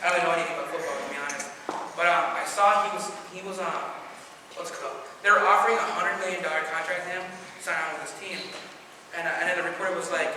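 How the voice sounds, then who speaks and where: Teen boy, stand-up comic, rambling self-deprecating asides, high voice, hollow hall echo. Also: racing. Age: teens. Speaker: stand-up comedian. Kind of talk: stand-up comedy set. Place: school auditorium before a live audience. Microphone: distant room recording. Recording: echoey hall recorded from far off, noisy.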